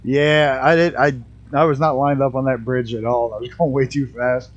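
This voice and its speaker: Heard on lo-fi audio at a moderate pace, this mid-range male voice provides live commentary on a flight-sim game. He laughs a lot and exclaims excitedly, his speech hindered by a damaged tooth. His accent blends New York and Canadian, touched with a bit of Southern US.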